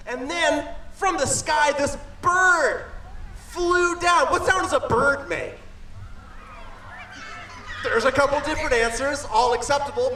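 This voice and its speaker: Playful kids' entertainer, man, lively sing-song delivery, distant roomy outdoor stage with faint music. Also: extremely high pitch, measured pace, long pauses, slight background noise. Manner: playful, animated, makes sound effects. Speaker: children's entertainer. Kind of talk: interactive storytelling for kids. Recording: echoey outdoor stage, far from the mic.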